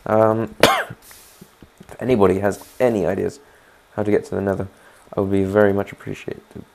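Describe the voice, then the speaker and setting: A man with a low, gravelly voice talks his way through a let's play video. He rambles casually as he builds and keeps inviting viewers to chime in. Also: little pitch movement, normal speed. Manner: rambling, chatty, asks viewers to comment. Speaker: gaming channel host.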